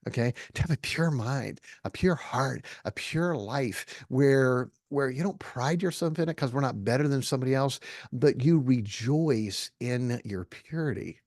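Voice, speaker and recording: A man's voice: medium pitch, measured pace, a little mellow, no room sound, studio quality. A middle-aged man giving an earnest, folksy Christian talk to a live audience, often checking in with "okay?". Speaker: Christian speaker.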